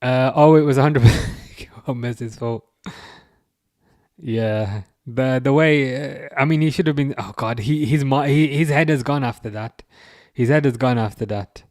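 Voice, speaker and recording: A man hosting a casual live football watchalong, reading out chat, laughing often and tripping over his words when he gets excited. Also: medium pitch, measured pace, no echo, clean studio sound. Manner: excitable, laughing, stumbling restarts. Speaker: livestream host reading chat.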